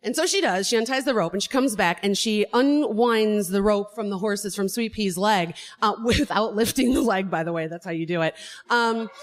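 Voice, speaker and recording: A woman with a slightly high voice tells a personal story live, full of energy. She laughs and swears along the way and keeps the telling lively. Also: normal speed. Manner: animated, swearing, laughing through her story.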